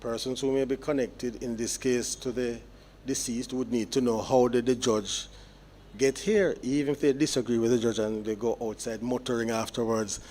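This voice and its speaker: A man, a judge delivering sentencing remarks in court in a measured, explanatory way with deliberate pauses. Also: medium pitch, fairly even intonation, dark tone, slight background noise.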